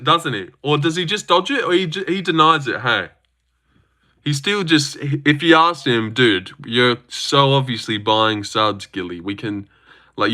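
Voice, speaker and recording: A young Australian man hosting a casual livestream, reading viewer comments in a brash, animated way with lots of swearing. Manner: animated and brash, swears a lot, big pitch jumps. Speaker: livestream host.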